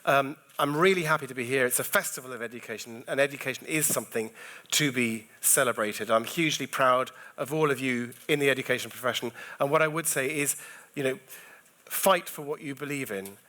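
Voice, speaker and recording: A man, a comedian speaking at an education festival, telling stories about his school days with many quick restarts and asides. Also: medium pitch, bright, forceful tone. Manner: restless, jumps between thoughts with many restarts. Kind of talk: keynote talk and anecdotes.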